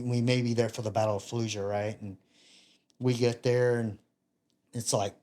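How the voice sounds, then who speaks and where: A man in his fifties, a retired Navy chief and podcast guest, telling casual stories with animated, self-mocking humor and acting out other people's lines. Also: fairly low pitch. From United States. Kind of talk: casual storytelling.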